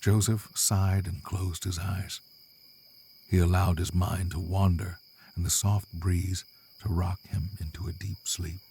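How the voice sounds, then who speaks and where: Very deep-voiced male storyteller. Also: flat delivery, gravelly, dark tone, slight background noise. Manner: measured, dramatic. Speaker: narrator. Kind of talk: scripted storybook narration.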